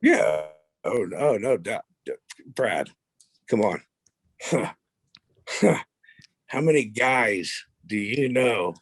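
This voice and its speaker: A man's voice: lowish voice, extremely slow, long pauses, no room sound. A man in his thirties, a podcast guest, telling a story casually with lots of swearing and rambling asides. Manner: profane, rambling, animated retelling.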